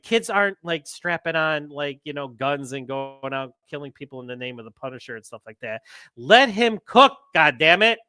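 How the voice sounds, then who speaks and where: A male podcast host with a bright, forceful voice that sits a little high. He talks in loose, excitable chat and slides into rants. The sound is dry and close. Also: no room sound. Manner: excitable, ranting, swears. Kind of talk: casual news chat.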